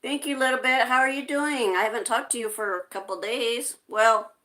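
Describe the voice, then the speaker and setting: A woman's voice: fairly high pitch, normal speed, bright, forceful tone. A woman hosting a casual live stream, greeting viewers by name and reading their chat messages aloud.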